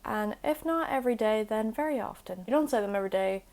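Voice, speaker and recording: A woman's voice: on the high side, expressive, fast, a little mellow. A young woman hosting a casual language lesson, with chatty, self-deprecating asides. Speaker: language video host.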